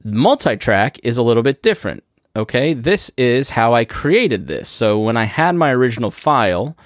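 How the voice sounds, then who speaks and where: A male podcast host explains recording gear in a relaxed, chatty way, walking through each step and adding quick asides. His voice sits at an ordinary mid pitch. It is captured close on a studio microphone through a mixer, dry with no trace of room echo. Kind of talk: casual instructional talk.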